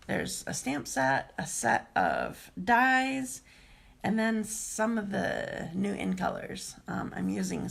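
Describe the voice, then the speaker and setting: A woman talks through a live craft demonstration in a loose, rambling way, full of filler ums. Her voice is scratchy and strongly gravelly with vocal fry, pitched in an ordinary middle range. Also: fairly bright tone. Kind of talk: casual live-stream chat.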